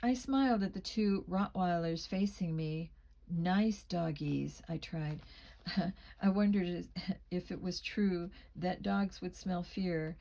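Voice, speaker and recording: A woman's voice: lowish voice, takes it slowly, mellow, rough recording. A woman reading a teen mystery novel aloud as a first-person narrator, shading the dialogue with small voice changes. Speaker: audiobook reader. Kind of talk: amateur audiobook narration.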